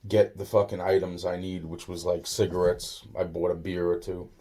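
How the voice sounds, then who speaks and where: A man's voice: sits low, little pitch movement, moderate pace, warm tone, breathy edge. A man casually telling a rambling personal story, swearing often and restarting his sentences. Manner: rambling, profane, many restarts. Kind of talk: casual spoken anecdote.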